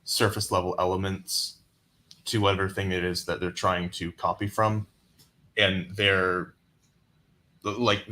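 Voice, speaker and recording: A man's voice: deep voice, pushed and bright. A man talking as a guest in a casual discussion on a call, rambling and repeating himself while he searches for words.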